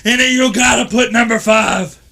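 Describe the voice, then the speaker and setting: Loud, bright-voiced profane man. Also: extremely high pitch, normal speed, gravelly. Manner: boisterous, profane storytelling, often shouting. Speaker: podcast guest. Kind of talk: casual podcast chat.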